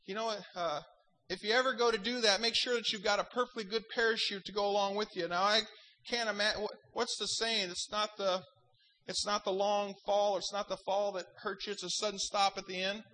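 A man's voice: high voice, little pitch movement, brisk, sharp tone, low-quality recording. A man pastor preaching a sermon, fervent in delivery and breaking into wry joking asides.

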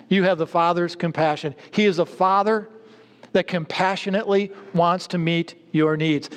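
A male preacher delivers a sermon in a fairly high voice, stressing and repeating his key points. He speaks directly to his listeners, and a long reverberant hall carries his words.

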